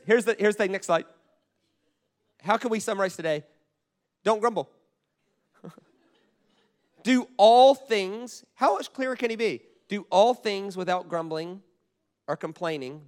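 A man preaching a sermon, talking in a loose conversational way with frequent restarts and asides to the congregation. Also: on the high side. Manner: animated, repeats words, conversational asides. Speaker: pastor.

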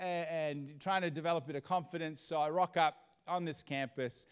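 Pastor man preaching, lively storytelling, drops quiet then gets loud. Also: fairly high pitch, normal speed, few pauses, clear, resonant tone. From Australia. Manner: animated, swings from hushed to loud. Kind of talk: sermon with personal storytelling.

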